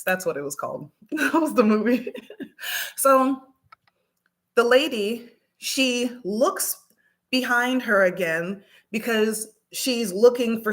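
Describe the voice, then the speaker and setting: A woman vlogger telling a story casually, acting out the dialogue with lively energy. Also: mid-range voice. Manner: animated, acts out dialogue.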